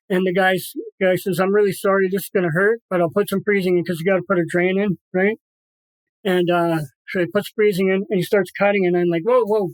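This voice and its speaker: A man's voice: high-pitched, no echo, poor audio. Man telling a story emphatically, dry sound. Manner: vivid storyteller who acts out what others said; emphatic, repeats words for stress. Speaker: interview guest. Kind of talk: personal storytelling in a podcast interview.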